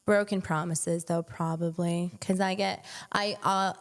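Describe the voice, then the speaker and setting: A woman guest on a podcast, telling stories in casual chat, animated, laughing often and swearing freely. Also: fairly low pitch, unhurried.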